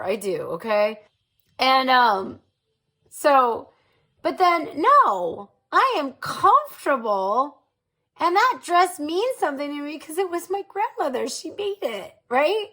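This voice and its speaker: A woman in her forties, pitched a little high, talks in a casual confessional monologue. Her talk is frank and chatty, with easy laughs, and she keeps checking in with her listeners. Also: a bit bright. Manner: laughs easily and speaks frankly. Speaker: host.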